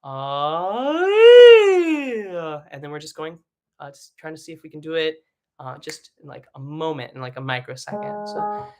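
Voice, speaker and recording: A man's voice: a little high, a little fast, a bit bright, faint music behind. Chatty male singing teacher with vocal demos. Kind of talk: live online vocal lesson.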